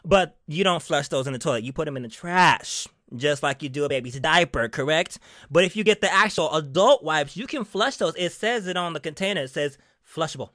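Sassy man host, bright voice that swings all over, dry close sound. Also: fairly high pitch, expressive, no echo. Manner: sassy, theatrical, calls listeners honey; drawn-out, emphatic repetition. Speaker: podcast host. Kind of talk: casual chat.

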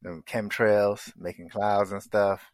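A man co-hosting a casual sports podcast, laid-back and unhurried. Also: on the low side, fairly even intonation, no echo, clean studio sound. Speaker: podcast co-host.

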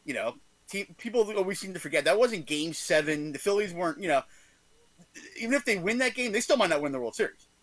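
Man, sports podcast co-host, bright tone, animated, rambling, dry close sound. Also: sits high, fast talker, no room sound, low-quality recording. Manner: animated, rambling, self-correcting. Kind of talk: casual sports chat.

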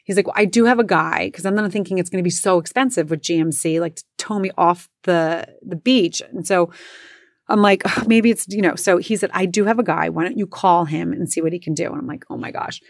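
A woman's voice: fairly low pitch, steady tone, fairly quick, dry recording. Chatty woman telling a story, dry close sound. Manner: chatty, self-mocking, acts out quotes. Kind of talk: casual anecdote.

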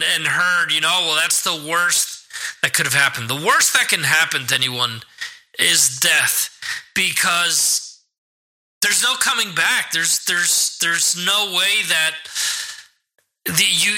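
A man's voice: a little high, pushed and bright, poor audio. A man hosting a podcast, talking casually on his own, rambling with lots of restarts and fillers. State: hiccuping. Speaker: podcast host. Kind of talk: casual solo podcast talk.

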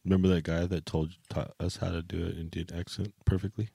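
A man's voice: low voice, flat delivery, quick pace, gravelly, mellow, slightly rough, dry recording. A young man co-hosting a podcast, chatting casually with frequent swearing and laughter. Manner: crude, swearing, laughs often. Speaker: podcast co-host. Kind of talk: casual chat.

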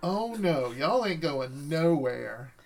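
A man's voice: on the high side, very animated, slow, creaky, exaggerated voice. A man puts on a sassy blonde vampire woman who taunts in a sugary Southern drawl. She is smug and threatening under the sweetness, in a tabletop game scene. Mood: taunting. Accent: Southern US drawl, put on.

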